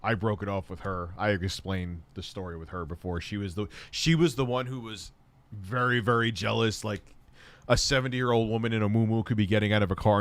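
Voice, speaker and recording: A man hosting a casual stream, telling stories in a profane, animated way. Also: no echo. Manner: profane, animated storytelling, acts out quotes in high shouts. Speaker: host. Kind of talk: casual livestream chat.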